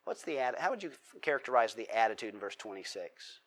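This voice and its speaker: A man's voice: mid-range voice, big pitch swings, fast, a bit bright. A man preaching a sermon as a pastor, talking casually, asking the congregation questions and acting out heartfelt prayers.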